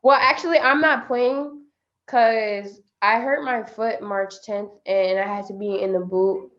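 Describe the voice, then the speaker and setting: A woman's voice: mid-range voice, fairly even intonation, a bit bright. Playful young woman on dull call audio. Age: young adult. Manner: playful and joking, quick laughs. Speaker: basketball player guest. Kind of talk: casual video-call interview.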